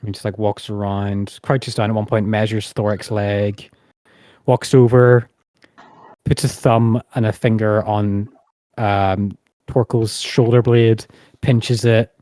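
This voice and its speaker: A man runs a tabletop game and narrates in a relaxed, casual way. His voice is low and mellow. It sounds dry and close to the mic. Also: slow, dry recording. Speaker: game master.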